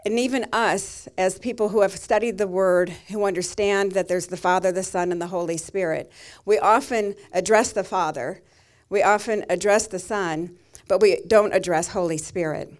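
A woman's voice: medium pitch, fairly even intonation, moderate pace, hardly any pauses. A middle-aged woman pastor giving a sermon, telling a personal story in a tender, emotional way.

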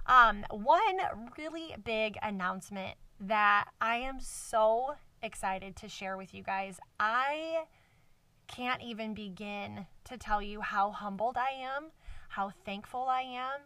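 A woman's voice: medium pitch, bright, forceful tone, no room sound, recorded from a distance. A woman hosting a casual faith podcast alone, talking earnestly and effusively with many fillers, close to tears, into a microphone set in a cardboard box. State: emotional. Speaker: podcast host.

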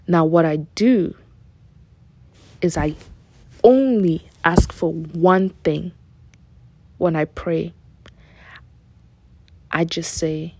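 A woman's voice: deep voice, fairly even intonation, slow, long pauses, dark tone, breathy edge, no echo. A woman hosting a personal devotional talk, speaking earnestly and candidly and repeating phrases for emphasis. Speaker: faith podcast host.

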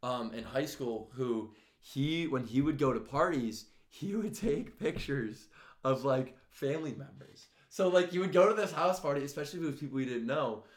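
A young man co-hosting a podcast, telling stories in casual, profane, animated chat. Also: mid-range voice, normal speed, roomy sound. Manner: swears a lot, animated storytelling with laughs. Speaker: podcast co-host.

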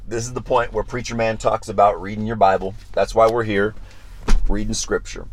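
This preacher, heard on a Bible study podcast, has a lowish voice and speaks at normal speed in a dry recording. He's animated and emphatic, repeating phrases to drive them home and acting out prayers and the answers to them.

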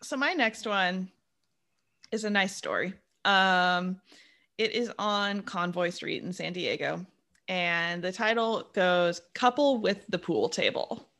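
A woman's voice: lowish voice, takes it slowly, fairly bright tone. A woman co-hosting a casual chat show, laughing often and filling her talk with "like". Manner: giggly, says "like" a lot. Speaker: podcast co-host.

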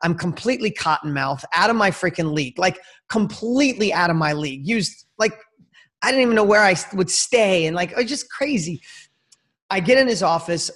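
High-voiced energetic man telling a story. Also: a little fast. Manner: energetic, slangy, addresses host directly. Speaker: interview guest. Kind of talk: casual storytelling.

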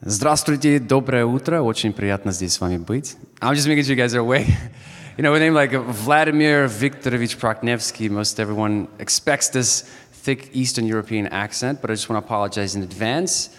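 A man's voice: mid-range voice, a little fast. A man in his thirties from Ukraine with a Southern US accent, giving a chapel sermon in a joking, storytelling way. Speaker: chapel speaker. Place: university chapel. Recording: echoey hall.

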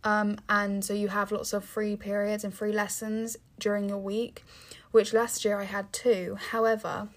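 A woman's voice: mid-range voice, completely flat delivery, unhurried. Teen girl from England, tired solo podcaster, rambling chat full of restarts, mid-range voice. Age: teens. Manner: rambling, with many fillers and restarts. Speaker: podcast host. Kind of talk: casual monologue.

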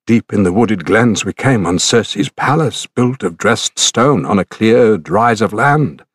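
A man's voice: on the low side, lively intonation, measured pace, slightly rough, no echo, studio quality. A man reading an audiobook voices a grief-stricken male soldier who pleads in fear. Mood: shaken report. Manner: shaken, pleading.

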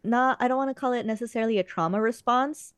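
A woman's voice: on the high side, fast talker, clean tone, dry recording, studio quality. A woman chatting casually as a podcast co-host, rambling earnestly with many fillers. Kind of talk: casual chat.

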